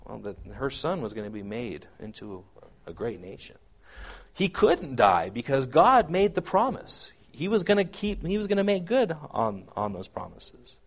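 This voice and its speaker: A man preaching a sermon, earnest and halting, often repeating words as he explains scripture and reads old-style verses aloud. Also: mid-range voice, sing-song. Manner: reads scripture aloud in King James wording. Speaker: pastor.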